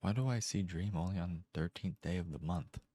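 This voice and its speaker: Very deep-voiced male story narrator. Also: a little fast, mellow, dry recording, studio quality. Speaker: amateur narrator. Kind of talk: first-person short story narration.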